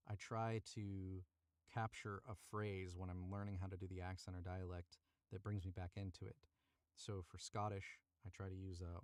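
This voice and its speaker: His voice sits low with a darkish tone, captured as clean studio sound without room noise. The voice actor narrates a story on a live stream from a small booth, keeping up a chatty banter and retaking lines he gets wrong.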